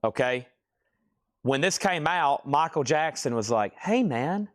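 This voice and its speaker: A man's voice: mid-range voice, expressive, unhurried, no room sound, studio quality. A man hosting a live vinyl record sale, chatting casually and rambling between sales. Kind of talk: casual live-stream selling.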